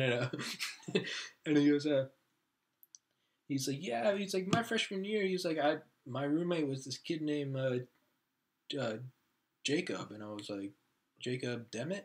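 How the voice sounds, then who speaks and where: A young man chats casually on a podcast, at a middle pitch. He rambles through long anecdotes and puts on his friends' voices as he quotes them. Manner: rambling storyteller who acts out friends' lines. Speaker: podcast co-host. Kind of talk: casual chat.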